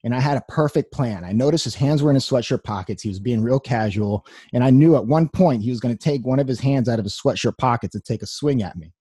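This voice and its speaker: A man's voice: medium pitch, quick pace, few pauses, mellow, slightly rough, dry recording, clean studio sound. A young man giving a personal testimony talk, telling his story earnestly with wry humor.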